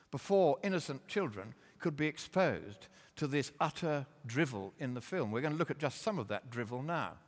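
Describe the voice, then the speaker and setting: A man's voice: fairly high pitch, fairly bright tone. A man giving a combative, mocking lecture with slides in a large hall. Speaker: public speaker.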